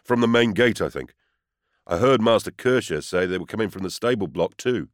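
A man's voice: on the low side, lively intonation, a little fast, dry recording, studio quality, pitched above the performer's own voice, natural voice. A man voicing a loyal houseman who answers respectfully and urgently in an audiobook. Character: loyal male houseman, eager and deferential.

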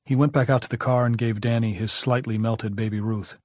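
A man narrating an audiobook in a measured, even way. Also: mid-range voice, dry recording, studio quality.

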